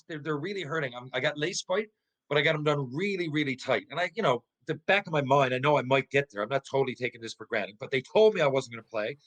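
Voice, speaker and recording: This middle-aged former pro hockey player, a guest on a podcast, rambles through a casual story with plenty of profanity. The audio is poor. He's lively, keeps tripping into restarts, and shifts into high voices for quotes.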